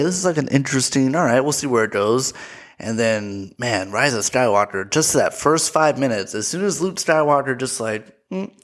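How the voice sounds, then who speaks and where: American dude rambling on his podcast, lots of um and like, swears casually, mid pitched voice. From United States. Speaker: podcast host.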